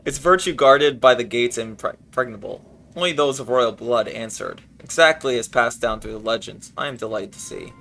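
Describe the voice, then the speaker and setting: A man's voice: medium pitch, normal speed, gravelly, bright, forceful tone, slight background noise. A man reading a formal male explorer. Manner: formal, old-fashioned wording read aloud. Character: formal male explorer explaining a sealed gate. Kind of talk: reading game dialogue aloud.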